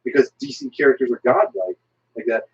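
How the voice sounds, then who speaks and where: A man in a casual roundtable chat, talking in halting bursts with many restarts. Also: animated, a little hiss or hum. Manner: halting, restarts often, hops in pitch. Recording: dull lo-fi recording.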